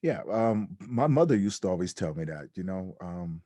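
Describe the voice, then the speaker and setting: A man on a podcast as a guest, telling his personal story in a reflective way that turns animated when he quotes others. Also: sits low, moderate pace, dry recording. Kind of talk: candid storytelling interview.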